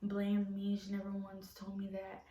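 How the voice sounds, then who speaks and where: A woman's voice: medium pitch, completely flat delivery, normal speed, mellow, far from the mic, lo-fi sound. Young woman rambling in an echoey room. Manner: rambling, many fillers. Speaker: vlogger. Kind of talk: casual storytime. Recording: roomy echo, off from mic.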